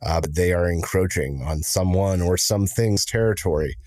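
Deep-voiced guy cohosting a podcast, rambling jokey bits, dry close sound. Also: a little mellow, no room sound. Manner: joking, drawn-out storytelling with fillers. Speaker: podcast co-host. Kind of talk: casual chat.

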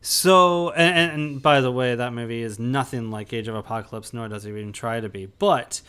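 A man with a smooth, resonant voice talks through a film review in a loose, rambling way. He circles back on himself often and leans on fillers as he goes, all in a middle pitch. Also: fairly quick, bright, forceful tone. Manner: rambling, many restarts and fillers. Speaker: podcast co-host. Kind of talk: casual movie review chat.

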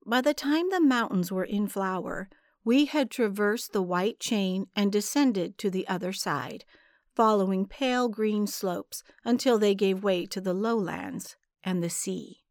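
A woman narrating a story in a measured, deliberate way. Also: medium pitch, no room sound, clean studio sound. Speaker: audiobook narrator.

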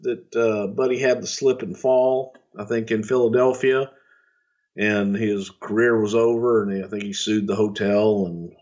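A man's voice: medium pitch, lo-fi sound. A middle-aged man telling wrestling stories in casual podcast chat, profane and rambling, with chuckles. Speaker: podcast storyteller.

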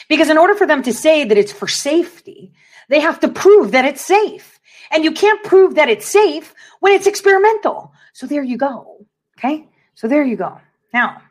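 A woman hosting an online commentary show, speaking in an emphatic, preachy way and repeating phrases for effect. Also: on the high side. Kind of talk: casual political commentary.

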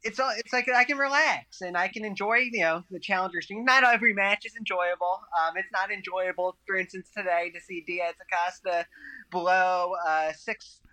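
A man guesting on a casual podcast chat, rambling in a relaxed way. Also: sits high, normal speed. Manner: rambling, many fillers and restarts, relaxed. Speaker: podcast guest, tennis writer.

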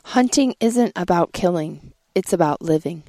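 A woman giving a measured, earnest scripted reading. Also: on the low side, expressive, warm tone, no echo.

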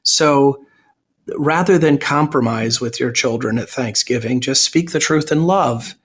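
A man's voice: medium pitch, measured pace, husky. A man, a Lutheran pastor, answering radio interview questions in an earnest, plain-spoken way and explaining with examples.

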